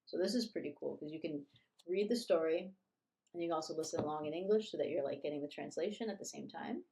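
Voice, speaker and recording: A woman teaching a beginner online language lesson, upbeat and repeating phrases slowly for learners. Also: low-pitched, dark tone.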